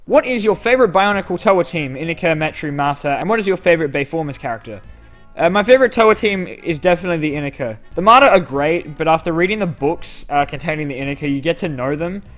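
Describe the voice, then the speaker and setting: A man's voice: on the high side, expressive, quick pace, fairly bright tone, faint music behind. Young man answering fan questions. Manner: self-deprecating, rambling with fillers. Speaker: YouTube channel host answering fan questions. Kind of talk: casual Q&A reading comments aloud.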